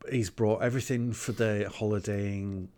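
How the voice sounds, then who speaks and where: A man's voice: lowish voice, steady tone, normal speed, darkish tone. A man in casual chat, recapping a film in a wry, meandering way with fillers and laughs.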